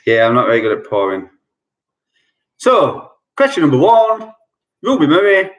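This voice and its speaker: Running a virtual quiz night by video call from his home in lockdown, this host has a fairly high voice whose pitch swoops wildly, at a normal speed. He says each clue several times over and jokes and chats his way through the answers.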